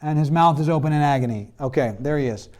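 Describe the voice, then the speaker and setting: A man with a high yet mellow voice teaches a classroom lesson on biblical history. He talks casually and tells the story loosely, slipping into the characters' lines as he goes. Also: fast talker. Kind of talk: classroom lecture.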